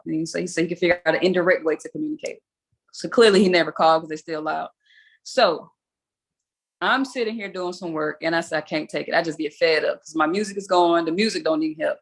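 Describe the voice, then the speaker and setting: A young adult woman hosts a weekly video call and tells a story casually, chatting away, poking fun at herself and laughing often. Her voice is low and husky, and she talks fast.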